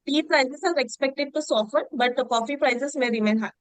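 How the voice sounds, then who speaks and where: A woman's voice: sits high, moderate pace, no room sound, poor audio. Hesitant, polite young woman, dry sound. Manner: polite, hesitant, addresses coaches as ma'am. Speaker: job candidate. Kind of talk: mock interview answer.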